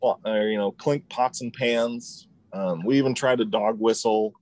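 A relaxed man in casual chat who often says "dude" and "like.". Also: fairly low pitch, a little slow.

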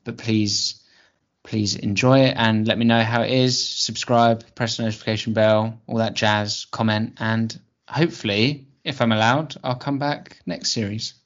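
Low-voiced earnest man. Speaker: podcast regular presenting a segment. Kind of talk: casual podcast chat. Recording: dull lo-fi podcast audio.

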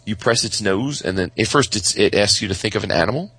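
Podcast co-host, male, lowish voice, dry close sound, excitable, loose and profane. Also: quick pace, slightly rough, no room sound, rough recording. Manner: excitable storyteller, swears freely, does silly toy voices. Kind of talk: casual chat.

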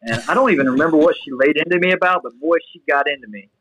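A young man telling a personal story in a casual, rambling way, full of restarts and fillers, then getting animated as it builds. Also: on the high side, racing, low-quality recording. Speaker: guest sharing testimony.

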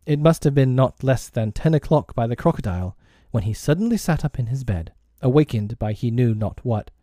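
Brief: male audiobook narrator, expressive, warm low timbre, dry close sound. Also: a little fast, dry recording. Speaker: audiobook reader. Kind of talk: storybook narration.

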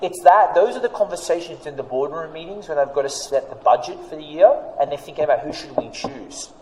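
Animated Australian man, roomy echo. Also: fairly high pitch, a little fast. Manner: animated, rambling, frequent fillers. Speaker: PR agency owner. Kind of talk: casual podcast chat. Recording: echoey room with long reverb.

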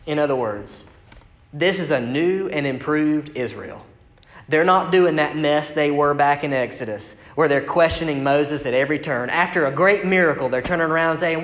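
A man delivers a sermon in an easy, conversational way, stopping to read scripture passages aloud. His voice sits a little high for a man. The sound carries a long, roomy reverb, as if it were picked up in a large church sanctuary. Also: normal speed, fairly bright tone. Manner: conversational, reads scripture aloud, acts out quoted complaints with rising pitch. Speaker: preacher. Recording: echoey hall with long reverb.

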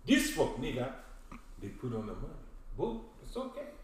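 A man's voice: mid-range voice, wildly swooping pitch, normal speed, recorded from a distance, noisy background. A brash young prince with a thick Southern drawl, cursing and bragging as he rambles, played by a man. The voice sits in a mid register and sounds off-mic in a very echoey room, with faint ambience behind it. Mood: boastful. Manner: profane, boastful, rambling slang. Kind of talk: comedic interview sketch.

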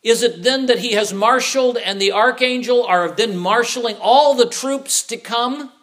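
A man's voice: very high-pitched, moderate pace, a bit bright. A middle-aged man preaching a sermon, asking rhetorical questions and acting out the voices of the people he quotes. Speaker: pastor.

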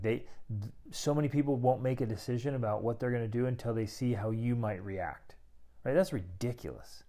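Middle aged guy preaching to men about relationships, punchy and emphatic, warm low-ish tone. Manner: emphatic, preachy, acts out inner monologues. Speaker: men's relationship coach. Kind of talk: motivational talk to men.

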